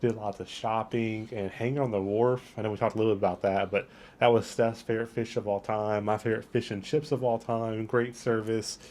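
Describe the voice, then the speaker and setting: With a lowish, slightly mellow voice, a level tone and a brisk pace, a man hosts a casual outdoor travel vlog in a port town. He sounds eager and upbeat, reaching often for superlatives.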